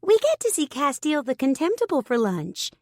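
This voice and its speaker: A woman narrator voicing a blunt, oddball woman mortician coworker in an audiobook, pitched high and deadpan. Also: a little fast, no room sound, studio quality.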